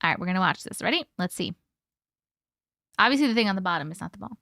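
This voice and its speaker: A woman of part-Italian American heritage hosts a live stream, reading viewer stories and chatting casually, swearing freely and laughing often. Her mid-range voice is expressive and fast, with vocal fry and a sharp tone, captured in a dry, clean studio recording.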